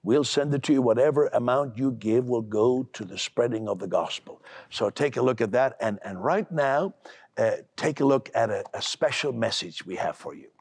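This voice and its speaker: A man's voice: medium pitch, normal speed, darkish tone, breathy edge, dry recording. A middle-aged man preaching a televised sermon, brusque and emphatic, repeating words as he builds up. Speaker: preacher and TV host.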